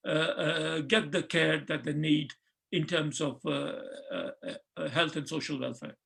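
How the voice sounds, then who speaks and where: A man's voice: high voice, gravelly, fairly bright tone, slightly rough. A middle-aged man giving a conference talk, earnest and full of fillers and restarts. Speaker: panel speaker.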